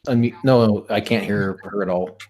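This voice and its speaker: A man's voice: fairly low pitch, steady tone, moderate pace, darkish tone. A man hosting a stream, chatting casually and joking, rambling with fillers and restarts. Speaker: stream host. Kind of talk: casual group chat.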